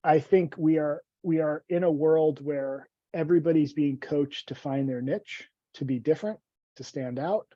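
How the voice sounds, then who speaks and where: A man's voice: fairly high pitch, moderate pace, dark tone, no room sound. A man in his forties, a guest in a casual podcast conversation, talks in a rambling, self-deprecating way with many stammered restarts. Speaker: guest, vitality coach. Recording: dull, dry, lo-fi audio.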